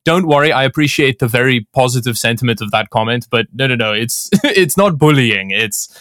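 A man with a South African accent that has picked up North American edges talks as a podcast guest. He is self-deprecating, laughs easily and stumbles over his restarts, at a mid-range pitch. The recording is dry and close. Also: lively intonation, a little fast, fairly bright tone, dry recording. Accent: South African, shifting toward North American. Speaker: podcast guest, tech video creator. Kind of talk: casual tech podcast chat.

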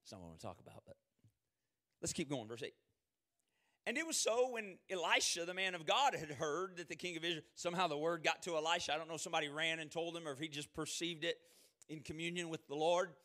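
A man preaching a sermon, reading scripture aloud and swinging from shouted quotes to hushed, quiet asides. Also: a little high, quick pace.

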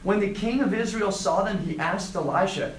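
Animated preacher man in an echoey room. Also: sits high, normal speed. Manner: animated storytelling, acts out quoted lines. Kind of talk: sermon to a student group.

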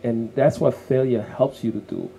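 A man's voice: mid-range voice, moderate pace, vocal fry, mellow, slight background noise, low-quality recording. A man co-hosting a casual podcast conversation, speaking in an earnest, motivational way and repeating words as he works toward his point. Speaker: co-host.

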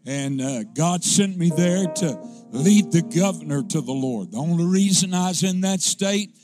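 A man with a notably high voice preaches from the pulpit, spinning a homespun, humorous story. His telling swells into fervent, shouted praise. Faint music plays underneath. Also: lively intonation, a little slow. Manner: folksy, humorous testimony rising into fervent preaching. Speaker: pastor. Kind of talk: storytelling sermon.

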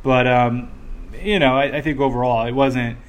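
A man speaks calmly and at an even pace in a casual podcast chat. His voice has an ordinary middle pitch. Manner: measured, conversational, correcting his co-host. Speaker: podcast co-host.

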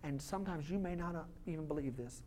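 A man's voice: on the high side, fast talker, dark tone, slight background noise. A man, a lead pastor preaching a sermon in a church, in a loose conversational style, slipping into quoted voices now and then. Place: church sanctuary.

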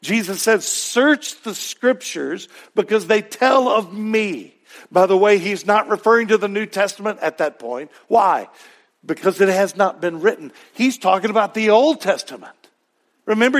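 A man's voice: high voice, normal speed. A man preaching a sermon as pastor, emphatic, with repeated refrains and rhetorical questions.

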